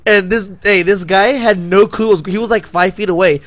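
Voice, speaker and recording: A man's voice: sits high, steady tone, moderate pace, no echo. Rambling, laughing male storyteller. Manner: rambling storyteller, heavy on "like" and restarts, laughing often. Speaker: podcast co-host. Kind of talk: casual chat.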